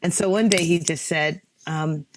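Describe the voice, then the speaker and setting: A woman with a notably low voice recounts a personal story during a talk. She speaks haltingly, full of fillers and restarts, with real emotion in her telling. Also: steady tone, slight background noise. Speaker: photographer guest speaker.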